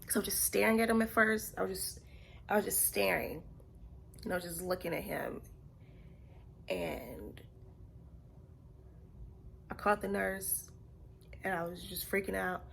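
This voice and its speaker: A young woman vlogger telling a personal story in an earnest, halting way, often repeating herself and sometimes dropping to a near whisper. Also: mid-range voice, vocal fry, a bit bright, slight background noise.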